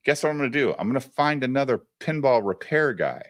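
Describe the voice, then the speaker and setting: A man's voice: medium pitch, normal speed, hardly any pauses, dry recording, clean studio sound. A man telling stories in a casual, profane livestream chat, acting out what others said. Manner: profane, animated storytelling with quoted voices. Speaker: podcast co-host.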